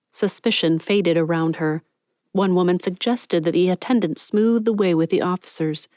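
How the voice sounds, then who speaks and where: Woman reading an audiobook, calm even pace, super dry studio sound. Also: fairly low pitch, dry recording. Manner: measured, even storytelling. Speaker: audiobook narrator. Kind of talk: scripted narration.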